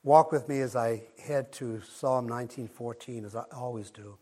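A hoarse-voiced male pastor giving a measured morning devotional, dropping low and soft at the ends of phrases. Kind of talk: short morning devotional sermon.

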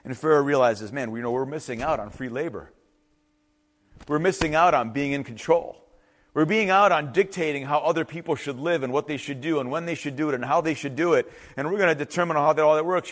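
A man preaching a sermon, animated and conversational, acting out the people he quotes with quick asides. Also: fairly high pitch. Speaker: pastor.

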